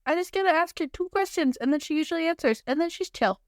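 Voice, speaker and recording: A woman's voice: very high-pitched, expressive, fast, dry recording, studio quality. A woman co-hosting a podcast, chatting casually with blunt, sarcastic storytelling. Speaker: podcast co-host. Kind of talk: casual chat.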